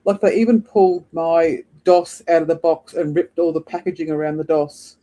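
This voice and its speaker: A man's voice: on the high side, steady tone, moderate pace, warm tone. A man in casual chat, talking in a loose, rambling way with many fillers.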